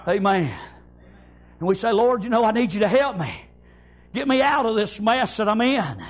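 Male preacher, very high-pitched, fiery sermon delivery, shouts in bursts, rhythmic amens. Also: lively intonation, a little fast. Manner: shouting, rhythmic, repeats praise God and amen.

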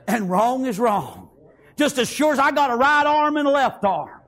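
A man preaching a sermon, fervently repeating praise and amen and rising to shouts. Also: very high voice, lively intonation, normal speed.

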